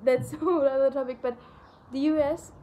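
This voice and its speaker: A woman's voice: sits high, fairly even intonation, fairly quick, dark tone. A young woman whose first language is German, chatting casually and rambling with many fillers. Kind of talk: casual chat.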